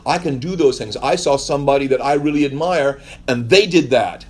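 Husky-voiced man preaching a rambling sermon. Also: medium pitch, brisk. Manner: rambling, storytelling with wry asides. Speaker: pastor. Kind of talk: conversational sermon.

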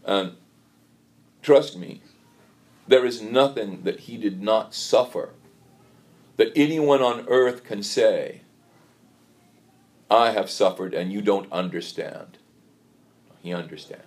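A man giving a sermon in a church, telling a story in a halting way and often repeating words. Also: on the low side.

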